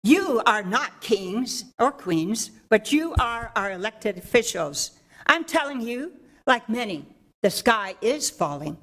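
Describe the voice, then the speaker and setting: Woman teacher at the council podium, loud and earnest, voice a touch high. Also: very animated, takes it slowly. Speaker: public commenter, teacher. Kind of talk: public comment reading a story. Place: city council chamber.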